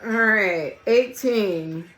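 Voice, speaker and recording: A hoarse woman, losing her voice, giving a casual collective tarot reading in a blunt, emphatic way and swearing freely. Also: medium pitch, very slow, faint music behind, poor audio. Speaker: tarot reader. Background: song playing quietly.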